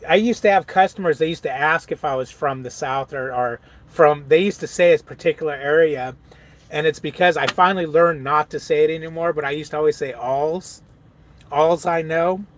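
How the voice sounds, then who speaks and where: A man's voice: a little high, fairly quick. Laid-back man chatting on a live stream. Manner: laid-back, laughs often, reads viewer comments aloud. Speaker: truck driver vlogger. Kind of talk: casual live-stream chat.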